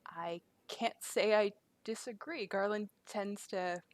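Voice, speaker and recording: A woman voicing a poised young noblewoman in a tabletop game, speaking in a measured, diplomatic way. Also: mid-range voice, no echo, close to an everyday voice.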